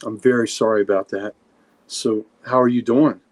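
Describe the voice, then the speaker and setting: A man reading a comic aloud on a podcast and voicing Spider-Man as a gentle, caring adult male superhero in a slightly raised voice. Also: medium pitch, steady tone, moderate pace, close to an everyday voice. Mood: gentle, comforting.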